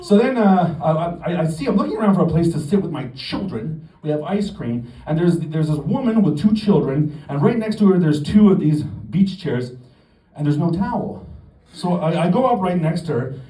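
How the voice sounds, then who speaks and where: On a comedy club stage, a middle-aged Canadian man does stand-up, spinning a story full of swearing and mock bravado. His voice sits on the high side with big pitch swings, a dark tone and a moderate pace. The stage mic catches him from a distance in roomy live audio, with audience laughter behind him.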